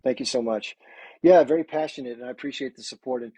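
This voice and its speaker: Man, quick delivery, husky voice, dry close sound, casual livestream host. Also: mid-range voice, mellow, no room sound, poor audio. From United States.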